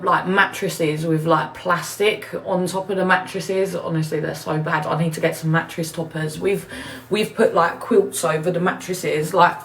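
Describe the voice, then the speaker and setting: Woman, casual live-stream chatter, answers comments as she rambles, phone mic at home. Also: on the low side. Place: new home, indoors.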